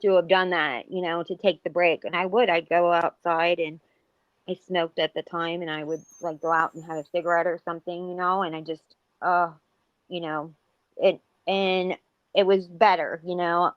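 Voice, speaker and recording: A woman's voice: lowish voice, little pitch movement, moderate pace, clear, resonant tone, dry recording. Woman, 40s, podcast co-host; loose rambling chat full of fillers, muffled lo-fi sound. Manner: rambling, many fillers and restarts. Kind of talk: casual chat. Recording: dull lo-fi audio.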